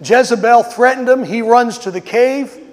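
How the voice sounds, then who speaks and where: A man's voice: very high-pitched, moderate pace, in a large hall. A man preaching a sermon outdoors, telling a story and acting out quotes with rising emphasis. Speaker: pastor. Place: outdoors on a street.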